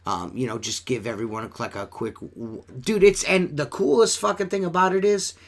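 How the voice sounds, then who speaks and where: A man's voice: fairly high pitch, fairly even intonation, normal speed. A middle-aged man hosting a podcast, chatting casually in a loose, rambling way and swearing often. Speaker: podcast host. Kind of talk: casual profane podcast chat.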